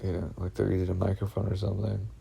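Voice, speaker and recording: Gravelly, dark-voiced man rambling uneasily. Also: deep voice, completely flat delivery, slight background noise. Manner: halting, full of fillers and restarts, heavy swearing; uneasy, anxious telling. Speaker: vlogger recounting personal experiences. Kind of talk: rambling first-person monologue.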